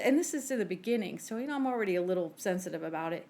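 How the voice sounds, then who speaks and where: A woman's voice: on the high side, lively intonation, fast talker, hardly any pauses, darkish tone. A woman co-hosting a podcast, animatedly telling a personal faith story and acting out the conversations in it. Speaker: podcast co-host.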